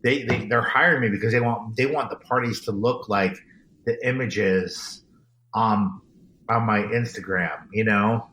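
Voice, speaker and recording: A man's voice: lowish voice, measured pace, sharp tone, a little hiss or hum. A man being interviewed as an event DJ, talking in an earnest, emphatic way with frequent restarts. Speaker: guest, event DJ. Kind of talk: casual interview.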